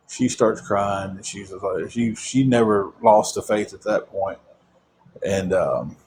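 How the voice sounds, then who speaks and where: A man's voice: on the low side, a little hiss or hum. Rambling man telling a story. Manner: rambling, with restarts. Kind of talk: personal testimony storytelling.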